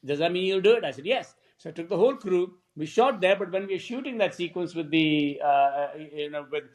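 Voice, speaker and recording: A man, a film director, telling lively stories in a podcast interview and acting out what other people said. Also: a little high, brisk. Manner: animated anecdotes, acts out quoted voices.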